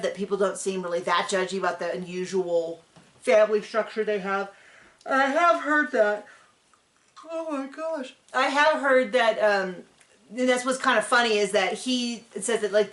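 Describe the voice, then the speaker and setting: A woman's voice: mid-range voice, fairly bright tone, reverberant. A woman hosting a casual TV recap, chatting in a sarcastic, filler-heavy way. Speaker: recap show host.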